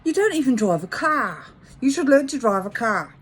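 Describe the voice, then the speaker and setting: A woman voicing a pushy young London man with a put-on London accent, loud and insistent. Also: a little high, sing-song, moderate pace, breathy edge, pitched above the performer's own voice.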